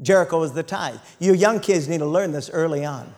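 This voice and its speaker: A man's voice: fairly high pitch, brisk, hardly any pauses. A man preaching a sermon, retelling scripture and calling out for amens from the congregation. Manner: animated preaching, calls for amens and shouts. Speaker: pastor.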